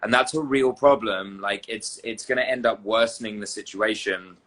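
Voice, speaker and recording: Man, casual live-stream host, bright forward tone, chatty, phone recording at home. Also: fairly low pitch, moderate pace. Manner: chatty, reads out viewer comments.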